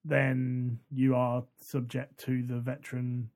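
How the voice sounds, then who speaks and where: A man's voice: mid-range voice, monotone, slow, a little mellow. A man chatting casually on a podcast, adding lore details to the discussion. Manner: conversational, adds lore details. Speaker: podcast co-host. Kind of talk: casual chat about a book.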